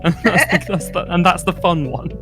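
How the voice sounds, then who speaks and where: A man's voice: sits high, a little fast, pushed and bright, soft background music. A man playing a puzzle game with friends, chatting playfully and reading viewer messages aloud. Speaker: streamer reading chat. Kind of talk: casual gameplay chat.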